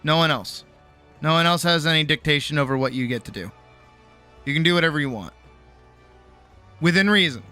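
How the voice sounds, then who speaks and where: A man's voice: on the high side, a little fast, long pauses, bright, forceful tone, faint music behind. A tired man streaming late at night from home on a desk mic, chatting casually, rambling, swearing freely and mocking himself. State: tired, sore jaw. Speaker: streamer and animator.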